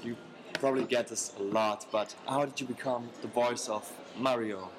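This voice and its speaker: A man's voice: mid-range voice, steady tone, normal speed, crowd noise. A man interviewing a guest, asking plain, slightly hesitant questions.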